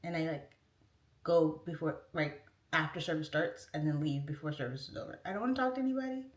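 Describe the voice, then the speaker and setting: A woman's voice: low-pitched, fairly quick. Chatty woman livestream host, rambling "like"-heavy delivery, recorded from a distance in an echoey room. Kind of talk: casual livestream chat, reading out comments. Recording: roomy echo, distant mic.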